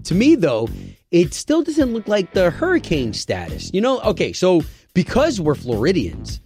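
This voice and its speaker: A man's voice: sits high, wildly swooping pitch, normal speed, darkish tone, soft background music. Chatty forty-year-old male radio co-host. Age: 40s. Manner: chatty, rambling with fillers. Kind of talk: morning radio banter.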